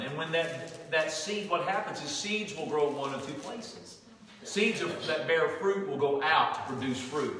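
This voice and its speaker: A man's voice: on the high side, normal speed, pushed and bright. A man with a Southern US accent preaching a sermon as pastor, folksy and conversational, often restarting his sentences. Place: church sanctuary. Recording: echoey hall from far off.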